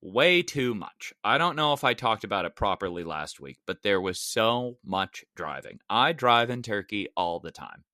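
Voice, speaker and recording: A man co-hosting a podcast, telling stories in casual chat with excitable interruptions. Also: fairly low pitch, moderate pace, hardly any pauses, no room sound, clean studio sound. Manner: storytelling, expressive, excitable interruptions. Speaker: podcast co-host.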